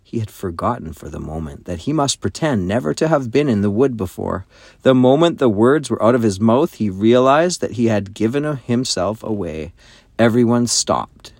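A man reading a children's novel aloud with expressive storytelling. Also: on the low side, moderate pace, dry recording. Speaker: narrator. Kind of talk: audiobook narration.

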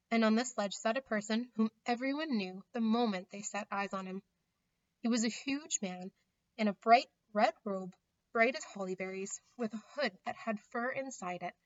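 Woman narrator for a children's storybook read-aloud, gentle and measured, a bit high; dull, muffled recording. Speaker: reader.

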